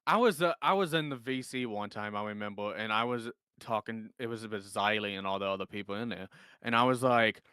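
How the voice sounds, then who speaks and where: Bright, crisp-voiced young man rambling. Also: on the low side, fairly quick, dry recording, studio quality. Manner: rambling, profane, restarts often. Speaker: guest streamer. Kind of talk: casual live-stream chat.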